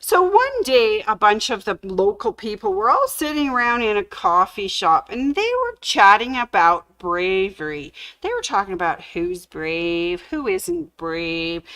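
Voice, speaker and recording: A woman hosting a sewing channel livestream, telling a ghost story slowly and dramatically. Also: medium pitch, fairly bright tone.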